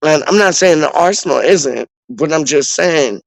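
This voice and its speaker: A man's voice: fairly high pitch, animated, normal speed, vocal fry, no echo, rough recording. A man from Canada hosting a casual livestream, reading chat aloud and riffing in repetitive street slang. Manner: slangy, repetitive riffing, calls people dog. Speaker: fan channel host reading live chat.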